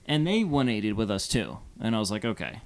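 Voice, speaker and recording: Young man, low voice, casual podcast storytelling, rambling, lots of fillers. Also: very animated, fairly quick, smooth. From Phoenix, Arizona. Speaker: podcast co-host. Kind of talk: casual chat.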